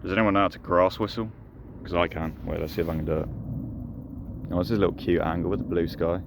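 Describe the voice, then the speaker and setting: Deep-voiced man rambling outdoors. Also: fairly even intonation, fast talker, creaky. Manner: rambling, jokey, talks to the ducks. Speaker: vlogger. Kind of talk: casual outdoor vlog. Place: outdoors by a pond. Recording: noisy outdoor street sound.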